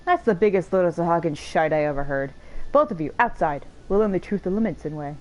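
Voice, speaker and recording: A woman's voice: lowish voice, lively intonation, fairly quick, darkish tone, close to an everyday voice, low-quality recording. Woman reading a stern, blunt male chief. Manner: blunt, commanding.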